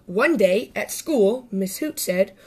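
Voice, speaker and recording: A woman's voice: medium pitch, takes it slowly, husky. Woman reading a children's storybook aloud. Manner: bright, lively read-aloud voice with small voiced roles.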